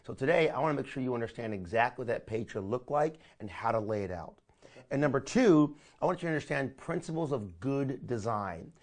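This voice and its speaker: A man teaching a live online marketing training, energetic and coaching, often calling his listeners "my friend". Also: mid-range voice, a little fast.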